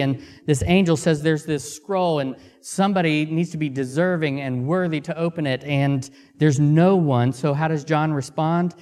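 A man preaching a sermon, reading scripture aloud and pausing to ask the congregation questions, with Amharic as his first language. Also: fairly high pitch, a little mellow. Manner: slow, deliberate pacing with emphatic pauses. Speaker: missionary preacher.

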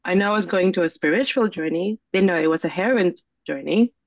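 A woman coach as an interview guest, speaking in a gentle, affirming and reflective way over a slightly dull remote line. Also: on the low side, fairly quick, dry recording. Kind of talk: conversational interview.

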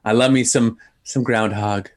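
A man hosting a podcast, telling stories in an animated, laughing way with lots of restarts. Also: mid-range voice, unhurried. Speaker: podcast host. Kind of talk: casual storytelling chat.

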